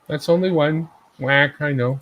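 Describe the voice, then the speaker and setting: A man's voice: a little high, a little slow, lo-fi sound. A man hosting a casual live stream, commenting in a joking, self-mocking, chatty way. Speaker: livestream host.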